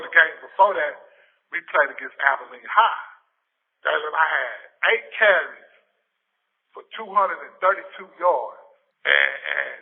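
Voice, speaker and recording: A man in his fifties from Texas, telling stories in a casual interview, animated and often repeating and restarting his words. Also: a little high, breathy edge. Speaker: interview guest, former football player. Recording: tinny phone-like lo-fi audio.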